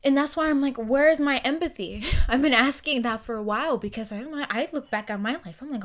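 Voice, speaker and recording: A young woman hosting her own podcast, talking alone in a blunt, heated, profane way that swings between soft and loud. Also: high-pitched, fairly quick, few pauses. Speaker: podcast host. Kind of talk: emotional solo podcast monologue.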